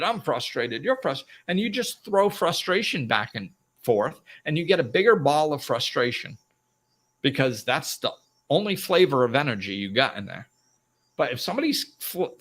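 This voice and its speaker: A middle-aged man hosts a live self-help talk in a lively voice that swings widely up and down. His tone is bright and forceful, and he often laughs while acting out both sides of a quarrel. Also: mid-range voice. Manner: animated, acts out arguments in raised voices, laughs often. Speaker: host.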